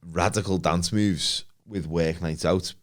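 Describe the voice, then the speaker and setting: A man co-hosting a podcast, telling work anecdotes in relaxed chat with dry asides. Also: deep voice, a little slow. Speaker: podcast co-host. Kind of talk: casual chat.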